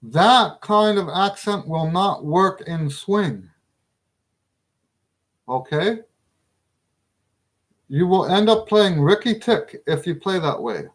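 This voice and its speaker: A man's voice: high voice, animated, takes it slowly, pauses often. Chatty, emphatic middle-aged male trumpet teacher. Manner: chatty, emphatic, laughs often. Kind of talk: casual video lesson.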